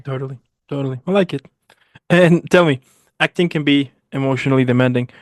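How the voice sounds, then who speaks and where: A man hosts a casual interview, his voice at a middle pitch for a man. He keeps the talk moving with repeated short affirmations and follow-up questions. The sound is dry, with no room echo. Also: fairly quick. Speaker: show host.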